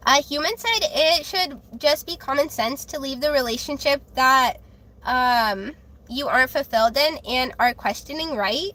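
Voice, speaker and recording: A woman's voice: high-pitched, a little slow, bright, forceful tone. A woman tarot reader chatting casually on her live stream. She talks bluntly and defensively, with lots of fillers and restarts.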